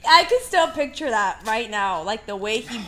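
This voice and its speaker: A woman's voice: fairly high pitch, moderate pace, noisy background. A woman co-hosting a podcast, telling a funny story in casual chat and laughing as she talks. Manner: animated, laughs through the story. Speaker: podcast co-host.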